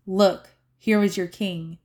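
A woman's voice: mid-range voice, fairly even intonation, slow, darkish tone, close to an everyday voice. A woman reading as an uneasy Roman governor, pointed and questioning. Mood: pressing.

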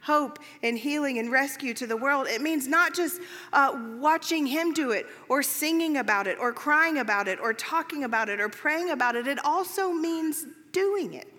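A woman preaching in a relaxed, storytelling way. Her voice sits high and sounds bright and clear. A long hall reverb trails behind her words. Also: normal speed. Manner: conversational storytelling, lively, many fillers. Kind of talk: sermon.

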